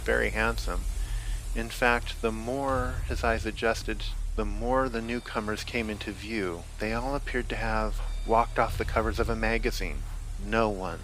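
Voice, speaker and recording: A man narrating a horror story in a steady, measured reading. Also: fairly low pitch, a little hiss or hum. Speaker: author reading. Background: music.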